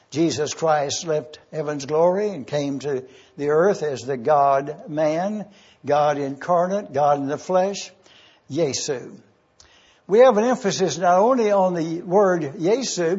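A man preaching an expository sermon as pastor, teaching slowly and emphatically with deliberate repetition of key words. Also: sits high, a little mellow, breathy edge. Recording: dull lo-fi sermon recording.

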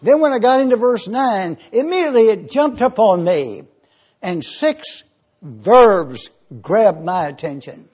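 Slow, deliberate preaching man, husky. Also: sits high, lively intonation, darkish tone, highs cut off. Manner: deliberate preaching, stretches key words. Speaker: pastor. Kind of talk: sermon.

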